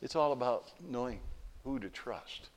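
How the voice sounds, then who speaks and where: A middle-aged pastor giving a folksy sermon, telling stories and asking rhetorical questions. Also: male voice, mid-range voice, expressive, measured pace, a little hiss or hum.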